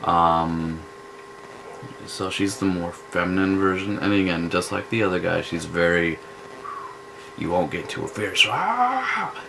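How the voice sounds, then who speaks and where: A man's voice: low voice, level tone, vocal fry, noisy background. A man giving rambling, scornful spoken commentary in a vlog. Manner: scornful, rambling, slow drawl with restarts. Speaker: vlogger.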